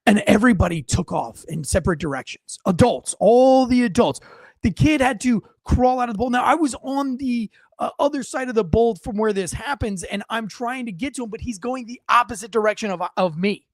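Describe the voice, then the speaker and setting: A man in his forties telling a story in casual talk, acting out the people in it with shouts and frequent restarts. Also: very high-pitched, a little fast, no echo, studio quality. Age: 40s. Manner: animated storyteller who acts out shouted quotes, with frequent restarts.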